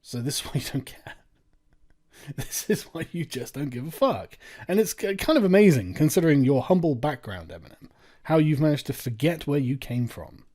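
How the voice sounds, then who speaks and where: Male commentary host, scornful and sweary, voice swinging widely in pitch. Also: animated, normal speed, mellow. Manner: sarcastic, profane ranting. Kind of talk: reaction commentary.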